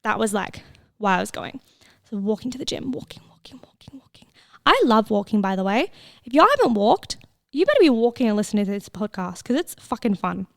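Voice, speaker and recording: A woman's voice: medium pitch, very animated, a little fast, vocal fry, dry recording, studio quality. A woman, hosting a casual solo podcast, chatty and laughing, swearing freely and sometimes dropping into whispers. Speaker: podcast host. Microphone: close mic with headphones listeners.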